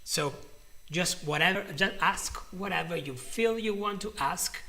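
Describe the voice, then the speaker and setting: Man, English teacher on a live stream, slow chatty delivery, gravelly bright voice. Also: high voice. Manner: chatty, warm greetings to viewers, frequent restarts.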